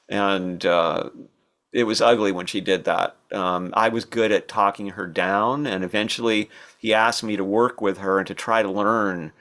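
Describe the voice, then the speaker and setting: An older man telling stories from his past as a podcast guest, thoughtful and unhurried, with fillers and restarts. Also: fairly low pitch, fairly bright tone. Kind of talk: relaxed storytelling interview.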